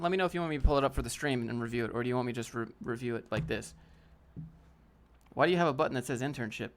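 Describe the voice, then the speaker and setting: A man's voice: mid-range voice, very fast. A man hosting a casual live Q&A stream, bluntly answering chat and critiquing a viewer's portfolio with slang like "fam" and "dude.". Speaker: livestream host. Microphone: desk setup with a DSLR camera.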